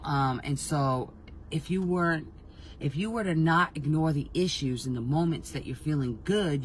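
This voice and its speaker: A man's voice: on the high side, a little hiss or hum, low-quality recording. A man giving a casual spiritual reading. He talks frankly and rambles, often restarting his sentences, and he swears freely. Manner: frank, emotionally reactive. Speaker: intuitive reader.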